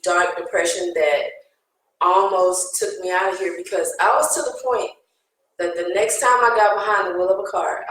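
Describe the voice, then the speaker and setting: Woman panelist, mid pitch, earnest and emotional, recorded in a very echoey room. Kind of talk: casual panel discussion.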